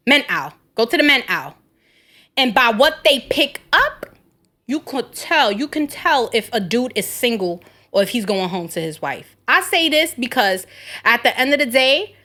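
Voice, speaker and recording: A woman in her thirties hosting a podcast, telling brash, profane stories in casual chat. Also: a little high. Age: 30s. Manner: brash, profane storytelling with animated quoted voices. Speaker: podcast host.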